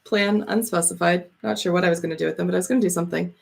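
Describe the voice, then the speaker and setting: A woman's voice: on the low side, steady tone, rapid-fire, vocal fry. A woman in her thirties from Canada chatting casually with live viewers, swearing freely, laughing often and reading out their comments. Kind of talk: casual livestream chat.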